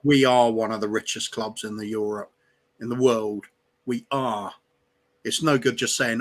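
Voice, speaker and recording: A man co-hosting a live football fan show, giving measured, opinionated analysis. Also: mid-range voice. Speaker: co-host. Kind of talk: casual fan chat.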